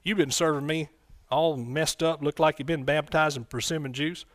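A man preaching a folksy sermon in church, breaking into loud excited bursts. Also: on the high side, moderate pace, dry recording, studio quality. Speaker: pastor.

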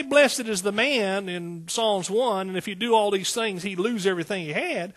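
Male preacher, sermon delivery, a bit high and husky, emphatic and rousing, casual with the congregation. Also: moderate pace, hardly any pauses, fairly bright tone. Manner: rises to emphatic exclaiming peaks; Southern "y'all" speech.

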